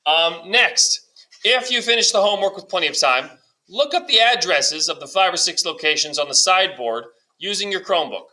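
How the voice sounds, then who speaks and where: Teacher guy, bright punchy voice, rattling off class steps, bit jokey. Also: high voice, animated, low-quality recording. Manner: brisk, step-by-step, lightly joking. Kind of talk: classroom instructions recorded for a substitute.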